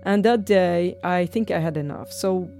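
A woman's voice: on the low side, moderate pace, soft background music. A woman from Jordan in her thirties, telling personal stories in an interview and acting out the dialogue in them. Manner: animated, acts out dialogue, frequent laughs. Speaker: martial arts studio founder.

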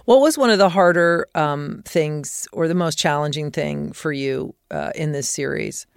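A woman hosting an interview, asking questions and affirming with quick murmurs. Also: low voice, gravelly, smooth, no room sound, studio quality. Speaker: host. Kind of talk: interview host.

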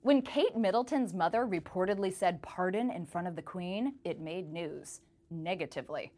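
A woman's voice: fairly low pitch, expressive, moderate pace, darkish tone. A woman correspondent in her thirties giving a playful scripted news commentary, slipping into a mock-British accent.

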